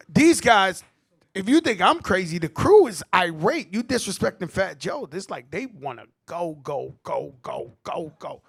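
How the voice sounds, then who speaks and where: A middle-aged man with a New York accent, telling animated stories at a tribute panel, acting out quotes and swearing freely. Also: high voice, husky. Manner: animated street storytelling, acts out quotes, swears. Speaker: host.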